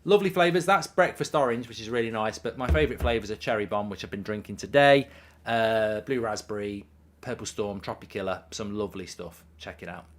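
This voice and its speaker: There's a little hiss or hum behind this man's low-leaning voice as he talks briskly. A watchalong streamer with the hiccups, he chats casually with his audience, reading their messages and using lots of ums.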